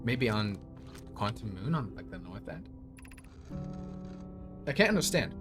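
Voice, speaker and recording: A young man playing a game blind, thinking aloud and reading its lore text in a measured voice. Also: lowish voice, big pitch swings, fairly bright tone, faint music behind. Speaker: let's play streamer.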